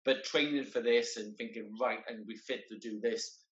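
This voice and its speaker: A man talks in a middle-pitched voice, earnest and halting, doubling back over his words as he goes. He is heard over a video call, and the sound is roomy and a little dull and lo-fi. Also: fairly even intonation. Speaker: guest, wheelchair marathon entrant. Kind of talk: casual conversation.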